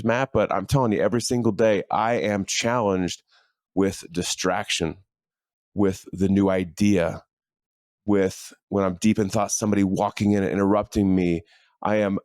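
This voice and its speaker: Low-voiced man hosting a coaching podcast. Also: a little mellow, no echo, clean studio sound. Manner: earnest, conversational, with frequent fillers and restarts. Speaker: podcast host and leadership coach. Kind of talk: casual motivational monologue. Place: home office. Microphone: studio microphone in a home office.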